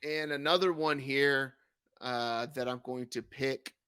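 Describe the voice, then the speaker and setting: A man with a bright, mid-pitched voice rambles through casual sports talk, full of jokes and asides. The sound is dry and close, with no room around it. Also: steady tone, a little slow, smooth, no room sound. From California. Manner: rambling, joking, many fillers. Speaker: podcast co-host.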